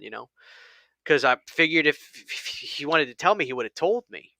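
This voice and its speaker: A man's voice: on the high side, animated, moderate pace, creaky, sharp tone, no room sound, clean studio sound. A man hosting a casual chat, telling a long story with many restarts and quoted lines. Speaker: channel host.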